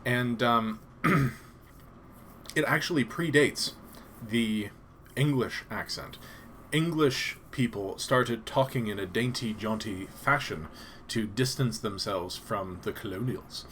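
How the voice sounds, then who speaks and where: A man's voice: lowish voice, takes it slowly, a bit bright, slight background noise. A man from Canada chatting casually on a live stream, rambling and hesitant with frequent ums and restarts.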